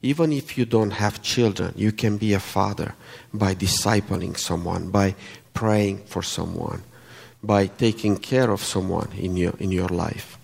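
A Romanian-accented man preaches in a slow, halting, friendly way, pausing often on fillers. His voice is lowish and gravelly. It rings with the long reverb of a large hall. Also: darkish tone. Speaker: guest preacher. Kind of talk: sermon.

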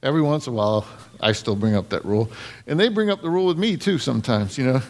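A middle-aged preacher delivers a casual, conversational sermon to his congregation, talking fast and animatedly. He laughs often, and his pitch jumps up when he acts out lines.

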